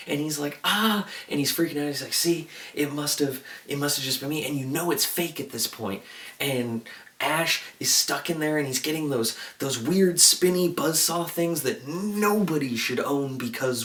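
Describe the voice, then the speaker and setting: Chatty excitable man in an echoey room. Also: on the high side, far from the mic. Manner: chatty, excitable retelling with frequent "like" and acted-out quotes. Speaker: TV episode reviewer. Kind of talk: casual video review.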